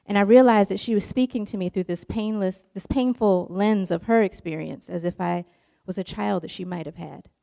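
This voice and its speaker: A woman's voice: mid-range voice, normal speed, gravelly, warm tone. A woman telling a personal story in an earnest, emotional way, in long flowing runs.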